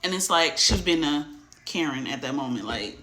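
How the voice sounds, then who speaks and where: A woman casually retelling a book chapter, acting out the characters' lines in animated voices. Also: sits low, moderate pace, echoey room, slight background noise. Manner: chatty, acts out quotes in animated voices. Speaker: book discussion host.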